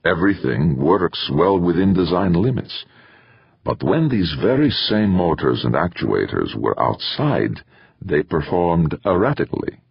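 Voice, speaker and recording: A man voicing a worried, brooding male engineer who talks low and quietly. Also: sing-song, measured pace, creaky, slightly rough, dry recording, heavily acted. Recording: dull lo-fi dry.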